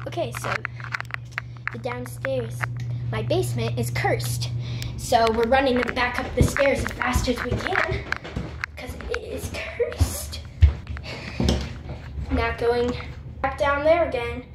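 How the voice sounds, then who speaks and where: A woman's voice: fairly high pitch, a little slow, heavy background noise. A woman chatting casually in a home vlog, playful and dramatic as she complains about pain. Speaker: vlogger. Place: house, at home.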